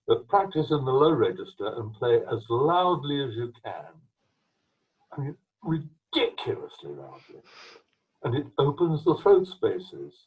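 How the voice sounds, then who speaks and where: Older Englishman, husky and lively. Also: mid-range voice, measured pace, highs cut off. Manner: rambling, anecdotal, with restarts and coughs. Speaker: trombonist and mouthpiece maker, interviewee. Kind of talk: conversational interview over video call. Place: his home. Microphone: video call.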